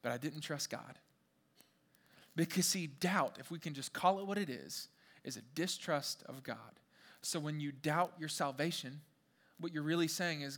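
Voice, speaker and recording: A young man preaching a sermon, animated and conversational, firing questions at the congregation. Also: a little high, moderate pace. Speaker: pastor.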